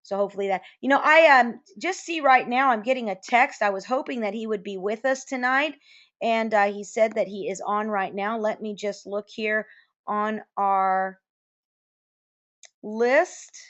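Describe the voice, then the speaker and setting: A woman hosting a sales webinar, upbeat and effusive, talking quickly with fillers. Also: mid-range voice, a bit bright, lo-fi sound. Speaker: webinar host.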